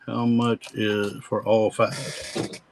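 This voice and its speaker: A man's voice: fairly low pitch, little pitch movement, slight background noise, rough recording. Folksy man calling a coin auction. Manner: folksy, rambling, quick auctioneer patter. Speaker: live auction host. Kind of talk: live-stream coin auction.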